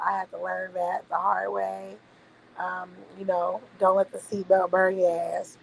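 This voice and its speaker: A woman's voice: on the low side, monotone, measured pace, vocal fry, a little hiss or hum, poor audio. A woman hosting a casual livestream, chatting loosely with her viewers and swearing freely. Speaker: livestream host. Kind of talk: casual late-night livestream chat.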